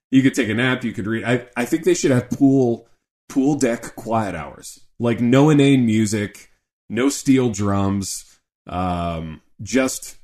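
Animated middle-aged man co-hosting a podcast. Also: on the low side. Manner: animated, joking, says "dude" a lot. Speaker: podcast co-host. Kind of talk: casual podcast chat.

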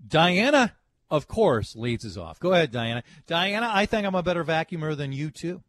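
A man's voice: fairly high pitch, big pitch swings, moderate pace, fairly bright tone. A man hosting a radio talk show, bantering with co-hosts and taking callers. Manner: joking, takes callers.

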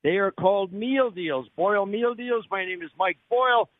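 Broadcasting live from a restaurant, a radio talk show host promotes the place with jokey, upbeat sales patter. His high voice moves at a moderate pace over narrow, dry, phone-like radio audio.

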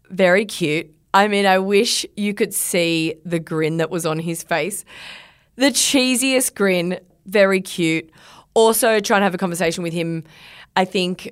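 A woman's voice: medium pitch, clean tone. A woman in her thirties hosting a podcast in a studio, chatting casually and rambling with filler words. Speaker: podcast host.

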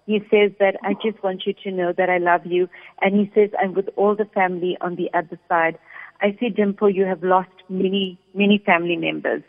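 A woman working as a psychic medium, calmly relaying messages during a radio reading. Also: mid-range voice, fairly quick. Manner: calm, steady, relays messages in first person. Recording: phone-like sound with long reverb.

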